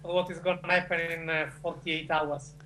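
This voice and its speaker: Bright-toned man with an Italian accent. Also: fairly high pitch, little pitch movement, slight background noise. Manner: halting, searching for words, frequent uh. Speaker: Italian football correspondent. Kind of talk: joining a football chat over video call. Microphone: video call.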